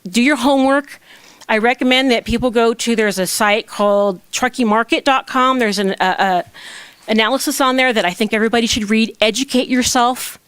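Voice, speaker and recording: A woman makes a passionate public comment from the podium of a town council chamber. Her voice sits fairly high and sounds dry and close, and she drives her argument with pointed rhetorical questions. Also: fairly quick, a bit bright, clear, resonant tone, dry recording. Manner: impassioned, emphatic rhetorical questions.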